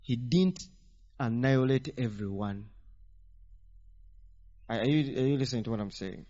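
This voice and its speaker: A man preaching a teaching sermon, animated and firing rhetorical questions at the congregation. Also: mid-range voice, normal speed. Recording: dull lo-fi sound.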